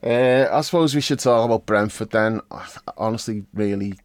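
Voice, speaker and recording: A man's voice: lowish voice, normal speed, dry recording. A man hosting a casual podcast chat, laid-back, laughing often and swearing casually. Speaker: podcast host and editor.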